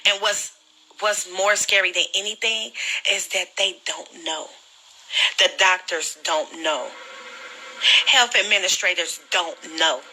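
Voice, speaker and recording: A woman with a very bright, cutting voice talks into her phone on a livestream. She sounds earnest and pleading, and she is fighting back tears. Her delivery is direct and personal, like she is talking to friends. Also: on the low side, slow, a little hiss or hum, rough recording. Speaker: livestreamer sharing her illness experience. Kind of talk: emotional direct-to-camera livestream.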